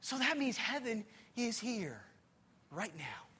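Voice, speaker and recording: A man preaching in a church, with a bright, husky voice that carries a long reverb through the hall. He talks emphatically and swings between loud passages and hushed ones, repeating words as he goes. His high pitch leaps around a great deal. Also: huge pitch swings, slow pace. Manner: repeats words while gathering his thoughts. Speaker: pastor. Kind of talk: sermon.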